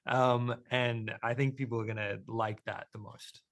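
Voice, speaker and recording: A man's voice: medium pitch, level tone, measured pace, fairly bright tone. A young adult man with an Australian accent, answering interview questions thoughtfully and earnestly as an actor guest.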